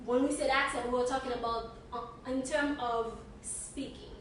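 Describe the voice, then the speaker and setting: A woman's voice: a little high, steady tone, moderate pace, a bit bright. Woman from Haiti, podcast co-host, casual chat, fillers and repeats, faint background hiss. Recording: echoey room, distant mic, faint hiss.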